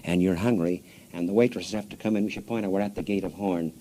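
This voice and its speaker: A man's voice: sits low, fast, mellow, a little hiss or hum, rough recording. An American man hosting a radio interview in a nightclub, asking long winding questions and cutting in, on an old 1960s radio tape. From United States. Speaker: radio host.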